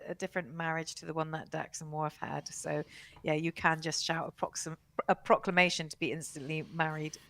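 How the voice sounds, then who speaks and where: A woman's voice: low-pitched, flat delivery, brisk, a bit bright. A woman co-hosting a live review show, reading out viewer comments in casual chat and laughing often. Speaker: podcast co-host reading chat.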